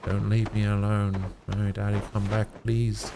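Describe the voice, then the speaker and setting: A man's voice: low-pitched, flat delivery, normal speed, vocal fry, background noise. A man voicing a frightened, dying little girl who clings to her family and pleads tearfully. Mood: pleading.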